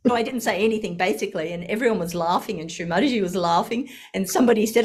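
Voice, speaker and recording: A woman's voice: medium pitch, quick pace, a little mellow. An older woman sharing a personal story, laughing often and acting out the voices in her quotes.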